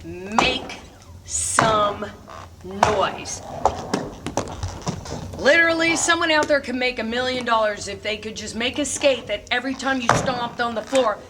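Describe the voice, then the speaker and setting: Upbeat woman skating coach, slightly high. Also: fairly quick, few pauses, distant mic, heavy background noise. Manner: upbeat, emphatic, chanting cheers. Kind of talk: instructional talk to parents. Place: roller rink.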